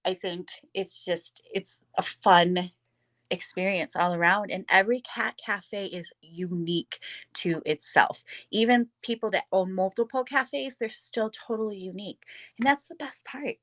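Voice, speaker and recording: A woman who runs a cat cafe, a guest on a casual podcast, speaking at a middling pitch. She sounds upbeat and enthusiastic about her work. The recording is close and dry. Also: unhurried, a bit bright, no echo. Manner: upbeat, enthusiastic, laughs easily.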